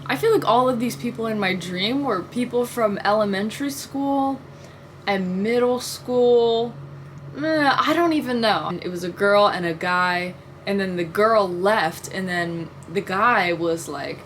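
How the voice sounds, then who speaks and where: A young woman talks straight to her audience in a loose, rambling way, her sentences threaded with "like" and the odd swear word. Her voice sits at a middle pitch for a woman. A faint hum of ambience runs underneath the recording. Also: unhurried, fairly bright tone. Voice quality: frequent "like" fillers, swears casually. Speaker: vlogger. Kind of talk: casual storytelling monologue.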